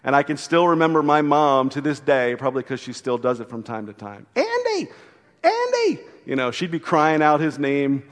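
A male pastor giving a sermon, telling a story with animated delivery and frequent rhetorical questions. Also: mid-range voice, a little fast, few pauses. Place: church sanctuary. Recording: long hall reverb.

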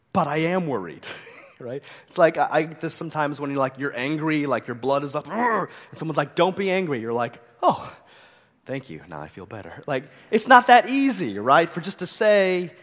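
Conversational pastor preaching in a reverberant hall. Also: male voice, on the high side, a bit bright. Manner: earnest, conversational, mixes scripture reading with humor. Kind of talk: sermon.

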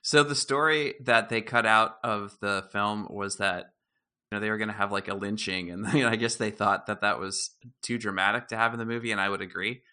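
A man's voice: lowish voice, fairly quick, smooth. A man co-hosting a podcast, chatting casually and telling stories with easy laughs. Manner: relaxed storytelling, laughs easily. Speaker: podcast co-host. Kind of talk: casual chat.

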